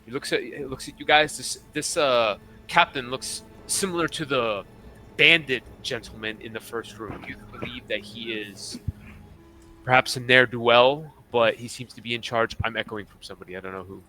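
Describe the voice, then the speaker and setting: A man's voice: mid-range voice, moderate pace, pushed and bright. A man narrating a tabletop game as game master, in a loose, rambling, stop-start way.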